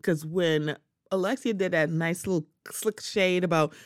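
A sassy woman talks through a solo podcast in a lowish voice, her pitch jumping up when she acts out other people. She sounds close to the mic in a dry, dead room. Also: normal speed, dry recording. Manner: animated, sassy, slips into quoted voices. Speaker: podcast host. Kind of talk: casual solo commentary.

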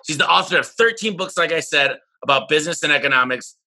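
A man hosting a podcast, giving an energetic, somewhat rambling introduction of his guest. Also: fairly high pitch, fast talker, poor audio. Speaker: podcast host. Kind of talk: casual podcast interview.

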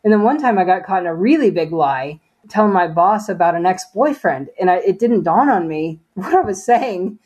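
A woman's voice: fairly low pitch, lively intonation, moderate pace, hardly any pauses, darkish tone, husky. A woman sharing a personal faith testimony as an interview guest, talking earnestly and casually with many fillers.

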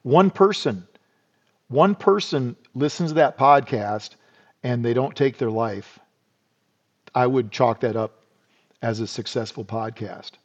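This middle-aged podcast guest from the United States speaks in a mid-range voice, taking it slowly with long pauses. He tells rambling, folksy stories peppered with "you know" in a casual interview, recorded with dull, lo-fi sound.

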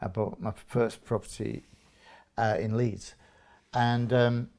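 A man's voice: lowish voice, fairly even intonation, slow pace, vocal fry, darkish tone. A man in his fifties from England, a guest in an interview, chatting casually and acting out little dialogues with many restarts.

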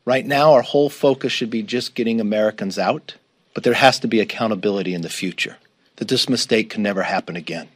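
A man delivering a measured, prepared political statement in a played clip. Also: lowish voice, husky, no room sound.

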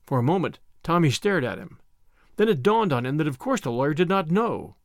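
A man narrating a novel as an audiobook reader, steady and even-toned. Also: a little high, brisk, dry recording, studio quality.

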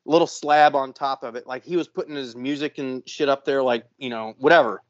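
A man co-hosting a podcast, telling a story in a casual, animated and profane way. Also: medium pitch, brisk. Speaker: podcast co-host. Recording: dull lo-fi sound.

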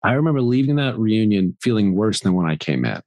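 A middle-aged man talks candidly as a podcast guest, his low voice swooping up and down as he acts out quoted voices and laughs often. The sound is dry and close, with no room around it. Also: very animated, brisk, mellow, no room sound, highs cut off.

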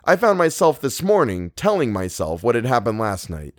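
A man voicing a cheerful, easygoing young man in a storybook reading, with a bright manner. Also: mid-range voice, big pitch swings, moderate pace, dry recording, studio quality, natural voice. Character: jaunty, joking young man.

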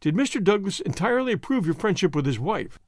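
A man's voice: high voice, big pitch swings, fast talker, darkish tone, dry recording, clean studio sound, pitched above the performer's own voice. A man reading an audiobook, voicing a stern police inspector who questions in an insistent, formal way. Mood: probing.

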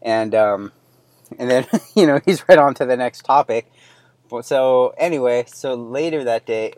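A man in his thirties hosts a solo podcast, his voice fairly low and darkish on a dry recording. He tells a personal story in a loose, candid monologue, full of fillers and restarts.

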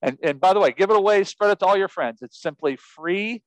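A man telling a story as an interview guest, lively and laughing often, acting out what people said. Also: on the high side, fast, few pauses, no room sound, rough recording. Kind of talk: animated storytelling.

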